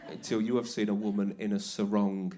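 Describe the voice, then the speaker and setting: Low-voiced deadpan stand-up comedian. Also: male voice, fairly quick. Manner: dry storytelling, deadpan punchlines. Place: theatre stage.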